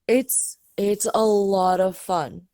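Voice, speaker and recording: A woman in a casual podcast chat who speaks haltingly, searching for words and laughing easily. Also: mid-range voice, fairly even intonation, dark tone, dry recording, studio quality.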